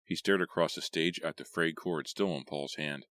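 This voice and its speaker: A man reading a horror audiobook in a measured, steady way. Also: rumbling low, no room sound. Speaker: audiobook narrator. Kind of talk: scripted horror audiobook narration.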